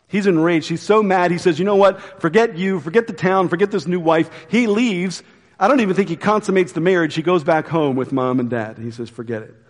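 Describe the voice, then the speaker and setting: Guy preaching in a church, kinda high voice, laid back chatty, long reverb. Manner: casual, conversational preaching with quick asides. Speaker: pastor. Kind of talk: sermon.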